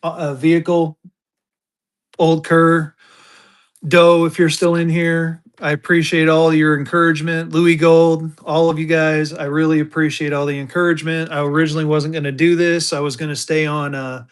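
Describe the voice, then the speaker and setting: A man's voice: a little high, flat delivery, normal speed, smooth. Chatty man running a live auction. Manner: chatty, thankful, thinks aloud with fillers. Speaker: livestream seller. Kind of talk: casual live auction chat.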